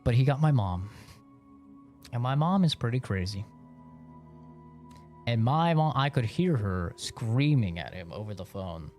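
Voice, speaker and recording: A man's voice: mid-range voice, animated, a little slow, pauses often, darkish tone, faint music behind. A young man streaming a game, casually telling a childhood story, laid-back and swearing freely with bursts of laughter. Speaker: gaming streamer.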